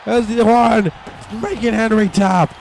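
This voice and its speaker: A man calling a wrestling video game play-by-play, his voice sitting a little high. He is excitable and keeps voicing the wrestlers' thoughts in quick asides. A faint hiss of noise sits behind him. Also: some chatter behind. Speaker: gameplay commentator.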